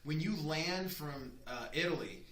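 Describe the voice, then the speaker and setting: A man's voice: a little high, measured pace. A man in his thirties, a chef chatting as a guest, telling stories and acting out the people in them. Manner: animated storyteller acting out quoted voices. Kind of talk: casual chat. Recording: echoey room with faint noise.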